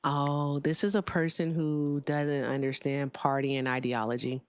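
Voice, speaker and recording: A woman's voice: sits low, flat delivery, moderate pace, no echo, clean studio sound. A woman hosting a live call-in debate stream, blunt, sarcastic and crude. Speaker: host.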